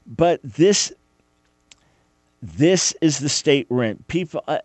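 A man's voice: mid-range voice, lively intonation, moderate pace, no room sound. A man hosting a radio talk show, preaching fervently and emphatically, often repeating his phrases.

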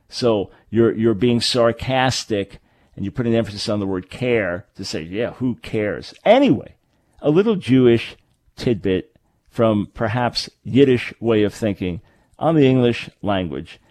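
A man's voice: mid-range voice, animated, normal speed, a little mellow, dry recording. A man hosting a radio talk show, explaining points in an emphatic way and correcting himself as he goes. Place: radio studio. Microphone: studio microphone.

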